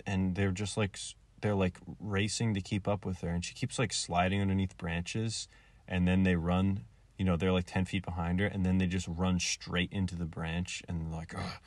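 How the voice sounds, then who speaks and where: A man with a low voice rambles through a casual recap, leaning on filler words. The sound is dry and close, with no room around it. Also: no echo. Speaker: video reviewer.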